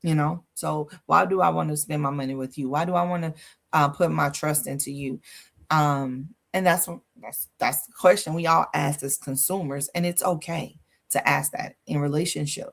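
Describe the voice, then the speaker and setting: Woman host: low, gravelly voice, sassy and lively coaching delivery. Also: normal speed. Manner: lively, sassy, laughs a lot, talks with the listener. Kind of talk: casual livestream coaching talk.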